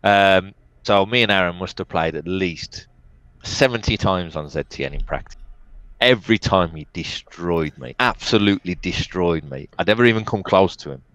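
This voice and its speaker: A man, an esports player, telling lively stories as an interview guest and laughing now and then. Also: deep voice, moderate pace, clear, resonant tone, no echo. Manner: animated anecdotes, laughs often, quotes others. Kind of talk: casual storytelling.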